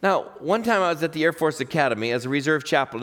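A man's voice: mid-range voice, fast talker, hardly any pauses, fairly bright tone. An older man, a chaplain, preaching a sermon through a folksy personal story with acted-out dialogue.

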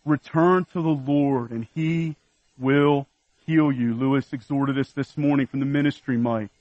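A man's voice: medium pitch, steady tone, unhurried, no echo, muffled recording. A man preaching a sermon, earnestly listing scripture references and exhorting his congregation. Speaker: pastor.

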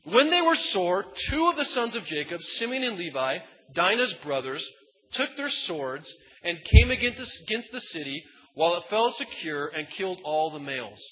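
A man preaching with a slightly high voice, swinging from loud emphatic bursts to quiet asides in a casual, folksy way. His voice carries a long reverb from a large hall. The sound is somewhat muffled and dull. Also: very animated, normal speed. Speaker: pastor. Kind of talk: sermon.

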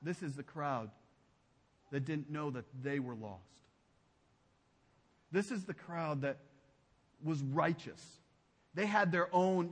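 A man preaching a sermon as pastor. He speaks emphatically and drops to a hushed low voice on key phrases. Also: slow pace, long pauses, in a large hall. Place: church sanctuary.

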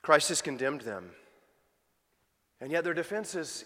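Male preacher, high pitch, impassioned emphatic sermon, echoing hall. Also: expressive, moderate pace, a bit bright. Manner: emphatic, rising to pleading intensity in quoted voices. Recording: hall reverb.

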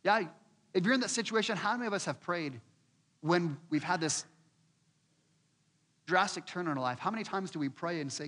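A man's voice: high voice, moderate pace, long pauses, long reverb tail. A man preaching a sermon, telling a scripture story and acting out the inner voices of the people in it. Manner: expressive preaching, acts out quoted voices, repeats words when building. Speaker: pastor.

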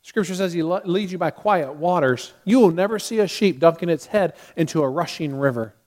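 A man's voice: a little high, brisk, darkish tone. A middle-aged man preaching a sermon as a pastor, earnest, with sudden acted outbursts.

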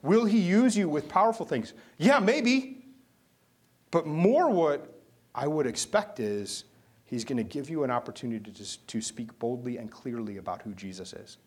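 Lively, animated male preacher. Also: medium pitch, husky. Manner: animated storytelling with dramatic pauses. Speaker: pastor. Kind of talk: sermon.

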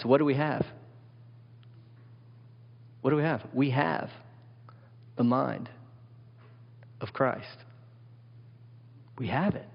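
A man preaches from the pulpit in an animated way and keeps putting questions to his listeners. His voice sits at an ordinary middle pitch. The sound is dull and lo-fi, and a long reverb trails through a large hall. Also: creaky. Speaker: pastor. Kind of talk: sermon.

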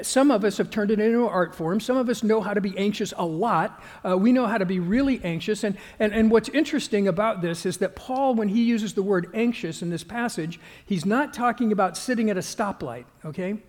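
A male pastor giving a conversational sermon, halting with fillers and restarts and growing more emphatic as he goes. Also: high-pitched, a little mellow, in a large hall.

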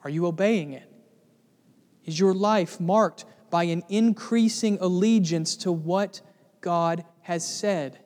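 Male pastor, high voice, earnest sermon delivery that builds to emphatic repetition, long reverb. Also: slow pace, darkish tone.

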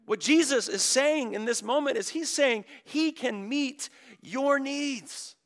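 A man preaching a sermon, moving from quiet storytelling to loud, drawn-out emphasis. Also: extremely high pitch. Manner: swings from hushed to loud, stretching key words. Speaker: pastor.

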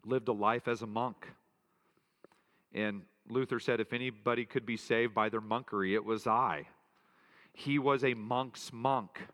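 A man's voice: mid-range voice, a bit bright. A man pastor preaching an earnest, emphatic sermon, repeating key phrases for weight. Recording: long hall reverb.

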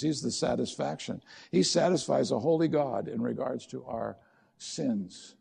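A man's voice: medium pitch, measured pace, vocal fry, darkish tone, husky. A middle-aged man preaching a sermon as a pastor, conversational and direct, posing questions to his listeners.

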